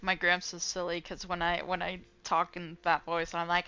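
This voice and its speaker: Excitable woman streamer, bright voice. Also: lowish voice, normal speed, smooth. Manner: excitable, profane, laughing often. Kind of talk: casual gaming commentary.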